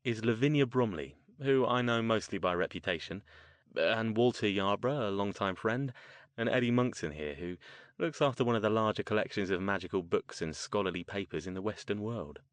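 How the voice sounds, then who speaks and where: Fields: Figure: middle-aged occult mage played by a man. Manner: measured, wry, composed. Pitch: low. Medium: audiobook. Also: lively intonation, no room sound, lightly acted.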